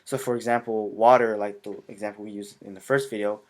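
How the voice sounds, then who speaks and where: Lower-voiced man explaining casually. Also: steady tone, a little mellow. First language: Hmong. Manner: halting, with frequent filler sounds. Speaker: language explainer.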